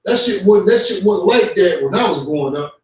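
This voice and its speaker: High-voiced, profane man in an echoey room. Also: lively intonation, fairly quick, far from the mic. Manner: blunt, profane, rambling. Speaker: co-host. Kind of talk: heated religious stream talk. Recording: echoey room, away from the mic.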